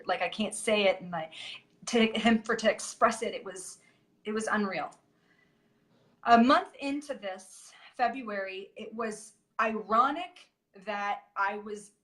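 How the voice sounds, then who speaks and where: A woman guest sharing a hard personal story candidly, in halting sentences full of restarts and fillers. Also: medium pitch, bright, forceful tone.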